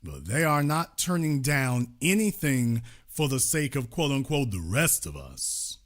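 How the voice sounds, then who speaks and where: A man's voice: medium pitch, sing-song, a little slow. A man hosting a show who delivers a political commentary monologue in an emphatic, repetitive, preaching manner. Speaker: host.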